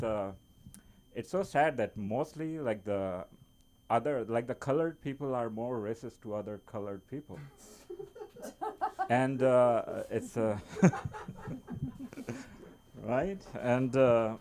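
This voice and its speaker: Halting non-native English-speaking man comedian. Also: medium pitch, a little mellow, slight background noise. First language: not English. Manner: halting, many fillers and restarts. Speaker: stand-up comedian. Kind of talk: open mic stand-up set. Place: small comedy club.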